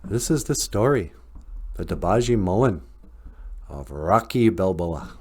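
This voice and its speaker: A man's voice: low voice, takes it slowly. A man hosting a podcast, telling a story in a casual, rambling way with lots of fillers. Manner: relaxed, rambling with fillers and chuckles. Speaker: podcast host.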